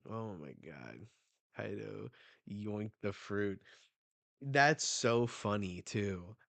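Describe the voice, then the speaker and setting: Slow-talking young man reacting to manga. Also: fairly low pitch, gravelly, no room sound. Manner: excitable, swears, reads panels aloud. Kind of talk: live reading reaction.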